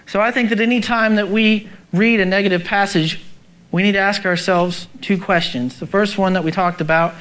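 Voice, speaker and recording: A man's voice: high-pitched, fairly even intonation, normal speed, a bit bright. A male pastor preaching a sermon, urgent and emphatic, asking the congregation rhetorical questions.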